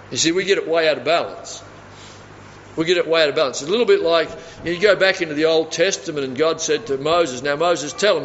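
Preacher, male, slightly high voice, emphatic sermon delivery, long hall echo. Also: fairly bright tone, a little hiss or hum. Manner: emphatic, repeats phrases for stress. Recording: dull audio with long reverb in a hall.

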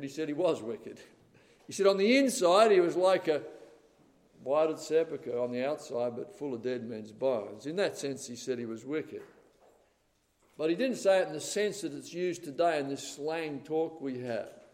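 An older man preaching a sermon in a church, emphatic, with loud stressed words and calls of "amen?". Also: fairly high pitch. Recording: reverberant hall.

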